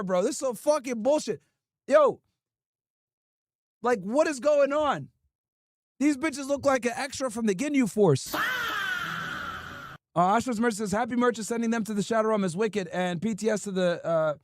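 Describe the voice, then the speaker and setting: High-voiced crude stream host. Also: male voice, noisy background. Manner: crude, mocking, laughs often. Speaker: livestream host. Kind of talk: casual reaction commentary.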